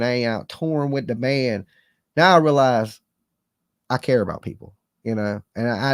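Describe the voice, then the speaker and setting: A middle-aged man chatting with his stream viewers in an earnest, rambling, folksy way, dropping slang as he goes. His voice is of average pitch. The sound is dry and close, with no room around it. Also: gravelly, no room sound. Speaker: live-stream host. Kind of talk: casual live-stream chat.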